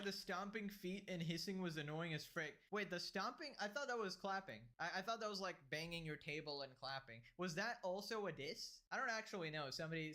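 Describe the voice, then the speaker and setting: Bright-voiced sarcastic male commentator. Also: high voice. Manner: sarcastic, mocking. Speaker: stream co-host reacting to clips. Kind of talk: casual commentary.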